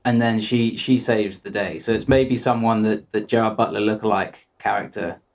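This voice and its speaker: A man's voice: fairly low pitch, steady tone, moderate pace. A man co-hosting a podcast, improvising ideas in rambling casual chat. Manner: rambling, improvising, self-interrupting. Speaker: podcast co-host.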